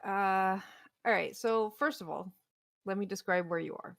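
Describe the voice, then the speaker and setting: A woman running a tabletop game as game master, describing scenes in a measured way. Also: mid-range voice, vocal fry, no room sound.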